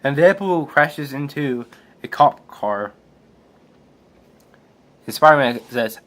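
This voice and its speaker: A man's voice: mid-range voice, animated, takes it slowly, long pauses, a bit bright. A man casually retelling a comic book aloud, hesitant with restarts and fillers. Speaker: comic book reader and reviewer.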